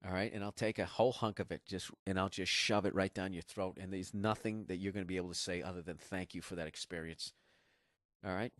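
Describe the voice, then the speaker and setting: A man's voice: deep voice, steady tone, fast, hardly any pauses, a bit bright, no room sound, clean studio sound. A man in his forties hosting a podcast, rambling comedically with a profane, sarcastic edge. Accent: Boston. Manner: profane, sarcastic, riffing to listeners. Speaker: podcast host.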